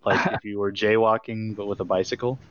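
Low-voiced laid-back man, lo-fi. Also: steady tone, brisk. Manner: laid-back, swears freely. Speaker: podcast co-host. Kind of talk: casual chat, storytelling. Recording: dull lo-fi audio with faint noise.

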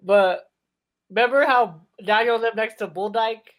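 A young man co-hosting a podcast tells a profane story among friends, laughing and retelling it with animation. His voice is high-pitched and his pace is measured.

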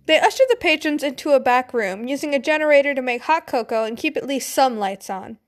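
A woman's voice: high-pitched, brisk. A young woman casually reading a story aloud, breaking off into giggly, swearing asides. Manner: giggly, swears, chatty tangents. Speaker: fanfiction reader.

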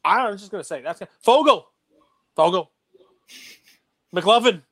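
A man co-hosting a podcast, talking casually and getting animated and worked up. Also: high-pitched, a little fast. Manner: animated, gets worked up and loud. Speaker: podcast co-host.

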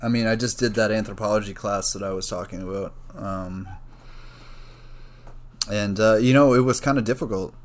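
A man talking casually on his own, rambling, swearing freely and drifting into jokey asides. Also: on the low side. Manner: rambling, profane, joking asides. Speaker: student. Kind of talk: casual solo monologue.

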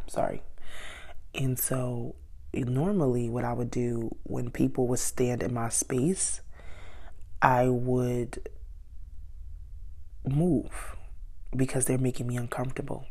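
A woman telling a personal story in a candid, animated way, acting out the voices of the people in it. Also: extremely low pitch, gravelly, breathy edge.

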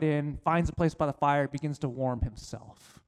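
High-voiced male pastor preaching. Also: smooth. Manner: preaching with slowed, emphatic phrases and dropping to a low voice for quotes. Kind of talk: sermon.

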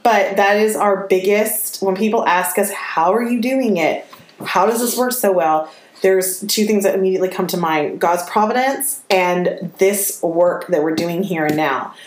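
A woman's voice: mid-range voice, measured pace. A woman co-hosting a podcast, talking earnestly and at length in a casual chat. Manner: earnest and talkative, laughs easily. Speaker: podcast co-host. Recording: roomy echo with faint noise.

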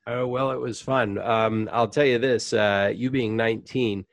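A middle-aged man talks casually as a podcast guest, spinning lively stories from his career. He fills pauses with ums and restarts, and his mid-pitched voice sounds close and dry with no room around it. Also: dry recording. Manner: animated, chatty anecdotes with frequent fillers. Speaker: voice actor and comedian, guest. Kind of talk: casual interview storytelling.

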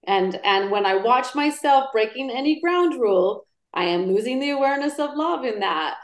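Animated woman telling stories, roomy sound. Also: on the high side, moderate pace. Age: middle-aged. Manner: animated storyteller. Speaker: guest. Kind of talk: casual podcast chat. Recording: roomy echo.

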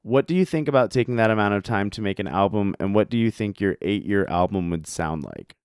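Young male host, casual chat, smooth lowish voice, dry close recording. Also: fairly quick, no room sound. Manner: relaxed, swears casually, acts out quotes. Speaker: podcast host.

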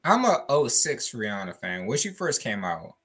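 A man's voice: mid-range voice, very animated, normal speed, fairly bright tone, husky. A man co-hosting a casual chat, easygoing, laughing and acting out other people's lines. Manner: easygoing, laughs often, acts out quoted people. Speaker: podcast co-host.

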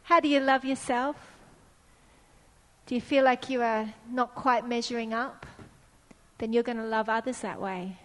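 A woman's voice: a little high, fairly even intonation, unhurried, big-room sound. A middle-aged woman preaching a sermon, earnest and storytelling, driving points home by repeating phrases.

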